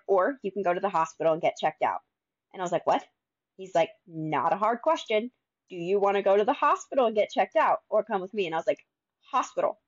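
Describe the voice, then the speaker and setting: A young adult woman telling her own story casually, acting out quoted conversations with lively shifts. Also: mid-range voice, no echo, dull audio. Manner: animated, acts out quoted dialogue.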